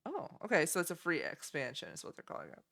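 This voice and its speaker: A woman's voice: deep voice, huge pitch swings, quick pace, gravelly, a bit bright. A young woman streaming, chatting casually and giggling as she reacts to game trailers. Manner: chatty, giggly, easily delighted.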